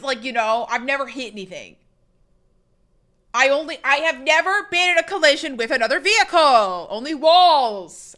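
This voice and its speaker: A young adult woman chatting on a live stream, telling rambling stories with lots of swearing and animated asides to her chat. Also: fairly high pitch.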